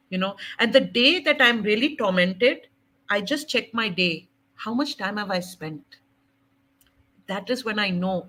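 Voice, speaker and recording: A woman sharing her faith testimony in an animated, laughing way. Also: medium pitch, a little slow, rough recording. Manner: animated, laughing often, dramatic quoting.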